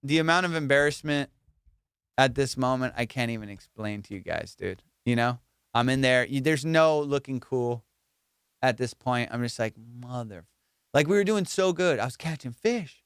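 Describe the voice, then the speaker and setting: A young man hosting a podcast, telling a story in an animated, casual way, swearing and saying "dude" and "bro" a lot. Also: medium pitch, normal speed, clear, resonant tone, no room sound, clean studio sound. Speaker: podcast host.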